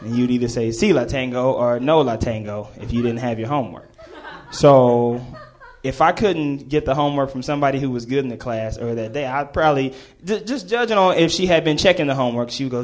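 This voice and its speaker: A man's voice: mid-range voice, fairly quick, a little mellow. A man telling a comedic story to a live audience, laughing and acting out the voices of the people in it.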